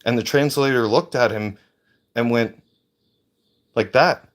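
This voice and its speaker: A man's voice: medium pitch, a little slow. A man ranting in a heated, profane way into a handheld phone on a livestream. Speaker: veteran livestreamer. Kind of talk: angry livestream rant.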